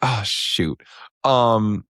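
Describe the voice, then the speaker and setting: A man co-hosting a podcast, chatting casually and joking in quick bursts. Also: lowish voice, a bit bright, no echo, clean studio sound. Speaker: podcast co-host. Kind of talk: casual chat.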